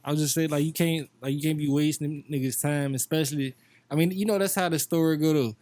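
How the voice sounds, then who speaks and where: A man's voice: fairly high pitch, steady tone, fast, a little mellow. A man with a Virginia accent co-hosting a podcast, chiming in with laid-back, agreeing casual chat. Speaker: podcast host.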